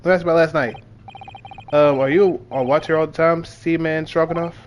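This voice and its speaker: A man's voice: a little high, fairly even intonation, brisk, highs cut off, slight background noise, natural voice. Man reading a polite young law student. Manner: courteous, formal questioning.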